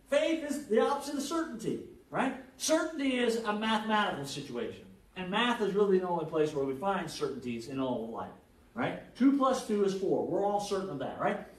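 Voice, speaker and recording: A pastor preaching a conversational sermon, animated and joking, checking in with the congregation with frequent "right?". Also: male voice, very high voice. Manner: animated, jokes and acted-out quotes. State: jet lagged. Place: church hall with congregation. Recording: echoey hall, mic at a distance.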